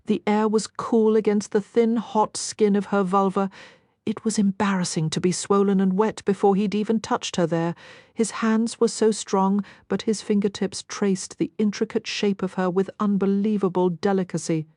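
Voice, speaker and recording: A woman narrating a romance audiobook in an intimate, expressive reading. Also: medium pitch, moderate pace, dry recording, clean studio sound. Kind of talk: scripted narration.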